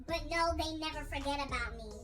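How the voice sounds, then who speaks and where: A woman's voice: sits high, fairly quick, voice pushed up, close to an everyday voice. A woman putting on the voice of a brash young woman who taunts and boasts that she wants to fight. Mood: taunting. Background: background music.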